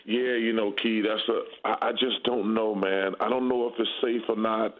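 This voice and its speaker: A man's voice: on the low side, steady tone, normal speed. A man in his fifties talking sports casually as a guest, blunt and candid. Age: 50s. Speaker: guest basketball analyst. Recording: tinny phone-line audio.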